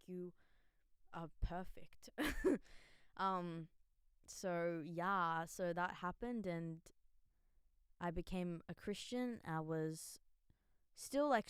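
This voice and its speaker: A woman's voice: fairly low pitch, clean tone, no room sound. A young woman telling her faith story in a casual, candid vlog, with lots of filler words. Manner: chatty and candid, many "like" fillers, laughs easily. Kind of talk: casual spoken testimony.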